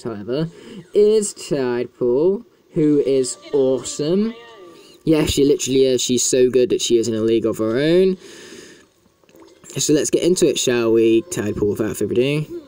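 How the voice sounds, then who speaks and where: A man's voice: mid-range voice, expressive, normal speed, dark tone. A man chatting casually as he plays a video game, in a talkative, self-mocking way. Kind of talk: casual gameplay commentary.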